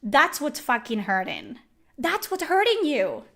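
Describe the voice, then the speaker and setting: A young woman vlogging from home, her voice high and cutting. She rants at her critics in a furious, profane stream, yelling at the camera. The tone stays bright and forceful throughout. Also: wildly swooping pitch, measured pace, vocal fry. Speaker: YouTuber. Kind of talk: angry rant to camera.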